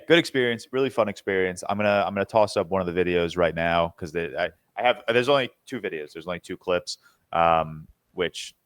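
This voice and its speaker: Deep-voiced young man chatting casually. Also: no echo. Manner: rambling, filler-heavy, restarts often. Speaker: podcast co-host. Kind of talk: casual chat.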